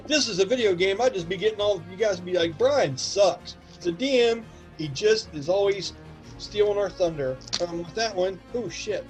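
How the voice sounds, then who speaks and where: A man with a high voice narrates a tabletop game as its game master. He talks in an animated way, counting out ranges and firing off quick asides to his players, with faint music under him. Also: rough recording.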